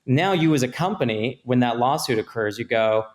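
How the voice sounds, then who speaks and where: A man, an attorney guest on a podcast, explaining contracts and liability with measured, example-driven talk. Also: mid-range voice, expressive. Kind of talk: podcast interview.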